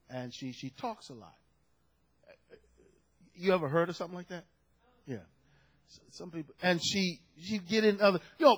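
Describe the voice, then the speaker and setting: A man preaching a sermon, telling a story and building to loud shouted peaks. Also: fairly high pitch, slightly rough. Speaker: pastor.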